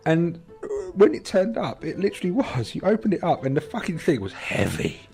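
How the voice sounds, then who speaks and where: Brief: English male podcast co-host, lively pitch, profane storyteller, faint music underneath. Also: brisk, gravelly. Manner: animated, swearing, acts out voices in anecdotes. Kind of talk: casual storytelling chat.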